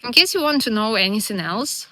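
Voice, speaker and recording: Bright-voiced woman vlogging, earnest and chatty. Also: a little high, animated, brisk, no echo. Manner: non-native English phrasing. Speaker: vlogger living in Scotland as a foreigner. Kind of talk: casual talk to camera.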